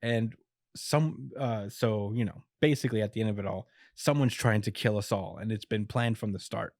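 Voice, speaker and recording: A man hosts a podcast and retells an episode casually, with plenty of chuckles and filler words. His lowish, slightly mellow voice moves at a normal pace, picked up by a podcast mic with clean studio sound and no room reverb.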